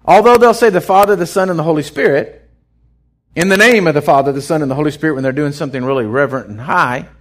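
A slightly high-voiced man preaches at a quick clip, making up his sermon on the spot. Animated throughout, he slips into voices to tell his stories.

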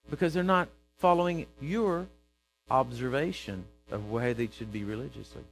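A man preaching a sermon, telling a story and acting out its characters with bursts of loud emphasis. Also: mid-range voice, moderate pace, gravelly, soft background music, poor audio.

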